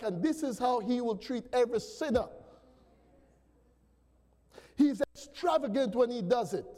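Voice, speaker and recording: Male pastor, high mellow voice, animated sermon delivery, long church reverb. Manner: animated preaching, calls to the congregation. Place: church sanctuary.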